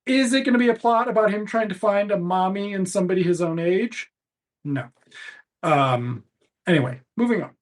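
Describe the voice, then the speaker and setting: A man's voice: sits high, normal speed. A man co-hosting a podcast, recapping a TV episode in a casual, profane, sarcastic and joking way. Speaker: podcast co-host.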